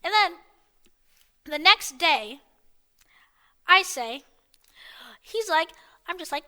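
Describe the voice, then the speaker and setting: A woman's voice: very high-pitched, animated, slow pace, long pauses, sharp tone. A woman narrating a story in a chatty, exasperated, mocking way.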